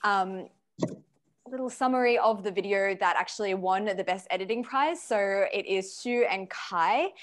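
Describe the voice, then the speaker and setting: A woman's voice: mid-range voice, normal speed. A woman hosting an online award ceremony over a video call. She reads out award notes in a friendly way, with filler words along the way.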